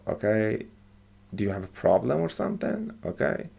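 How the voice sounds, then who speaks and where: A man teaching English as he explains phrases from film clips, talking in a hesitant, halting way with many fillers and restarts. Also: lowish voice, sing-song, gravelly, a little mellow, breathy edge.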